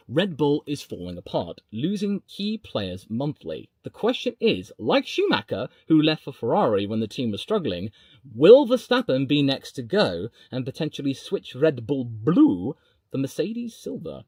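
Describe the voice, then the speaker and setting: A man reacting to news on a live stream, reading viewer comments aloud and swinging from mumbled asides to excited outbursts. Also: mid-range voice, normal speed, slightly rough, no room sound, studio quality. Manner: chatty, reads comments aloud.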